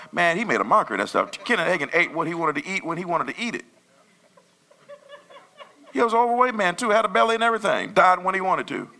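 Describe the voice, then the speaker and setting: A man preaching a sermon as pastor, talking in a loose, conversational way with sudden loud bursts. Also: on the high side, vocal fry.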